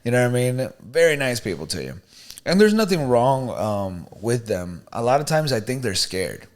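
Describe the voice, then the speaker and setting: A man co-hosting a podcast, telling a story in a casual, animated, slangy way. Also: mid-range voice, moderate pace. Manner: animated, slangy, "you know what I mean", "bro". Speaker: podcast co-host.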